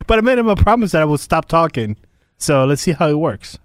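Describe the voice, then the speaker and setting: A man's voice: a little high, big pitch swings, brisk, dry recording, clean studio sound. A man co-hosting a podcast, bantering in a playful, sometimes defensive way. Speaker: podcast co-host. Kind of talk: casual banter.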